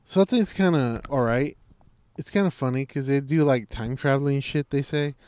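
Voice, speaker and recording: A man co-hosting a casual podcast, telling stories in an animated way and swearing freely. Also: mid-range voice, normal speed, clean tone, no room sound. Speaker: podcast co-host. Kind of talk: casual chat.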